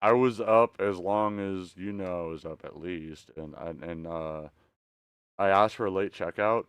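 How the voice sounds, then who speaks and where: A man's voice: low-pitched, measured pace, clear, resonant tone, no echo. A man chatting casually as a stream host, rambling and swearing with many stammered restarts. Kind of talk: casual chat.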